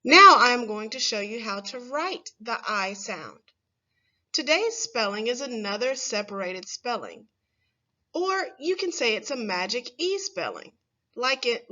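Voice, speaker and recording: Woman, primary teacher, fairly high voice, slow careful delivery, dull lo-fi recording. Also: sharp tone. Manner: slow, clear, stressing single words for children to repeat. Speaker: first grade teacher. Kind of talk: phonics lesson for young children.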